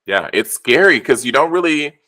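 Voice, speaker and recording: A man's voice: medium pitch, big pitch swings, normal speed, pushed and bright, no echo, low-quality recording. A man hosting a podcast, chatting casually and often backing his guest with short agreements. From St. Louis area. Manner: supportive, frequent short agreements. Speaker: podcast host. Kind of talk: casual conversation.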